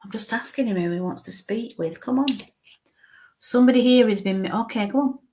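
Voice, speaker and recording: A woman medium giving a live spirit reading, talking in halting bits and murmuring soft coaxing asides. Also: on the high side, slight background noise.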